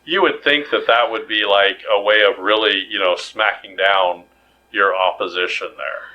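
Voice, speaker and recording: Man, podcast co-host, casual chat, rambling and jokey, low voice, dull lo-fi recording. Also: moderate pace. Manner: rambling, animated, jokey, many restarts.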